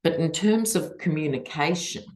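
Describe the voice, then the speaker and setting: A woman's voice: deep voice, moderate pace, darkish tone. A woman with an Australian accent doing a tarot reading and talking to camera in a chatty, digressive, wry way. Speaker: tarot reader and political commentator. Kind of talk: casual chat to camera.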